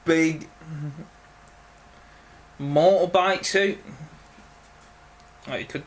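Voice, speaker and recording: A young man answering viewer questions in a casual video, halting and full of ums. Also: a little high. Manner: slow, halting, many ums and pauses. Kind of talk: casual Q&A vlog.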